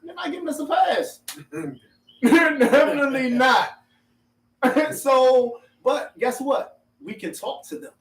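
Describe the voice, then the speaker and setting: A man's voice: very high-pitched, big pitch swings, takes it slowly, recorded from a distance. A man hosting a group discussion, talking animatedly and laughing often between points. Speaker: discussion host. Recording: roomy sound from off-mic.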